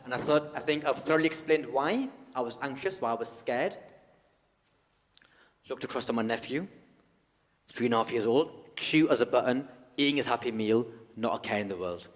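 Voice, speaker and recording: A man from the United Kingdom performs stand-up on a big theatre stage, his voice sitting in a middle register. He is animated and keeps breaking into shouted outbursts for comic effect. A long hall reverb trails each line. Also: medium pitch, moderate pace. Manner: animated, shifts to shouted outbursts for acted rants. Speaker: stand-up comedian. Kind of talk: live stand-up comedy. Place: large theatre stage with live audience.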